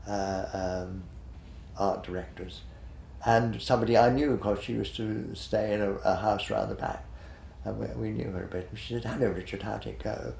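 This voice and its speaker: A man's voice: on the low side, vocal fry, a little mellow, reverberant, a little hiss or hum. A man in his eighties, a retired television director, reminiscing in an interview in a rambling, hesitant way, full of fillers and restarts. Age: 80s.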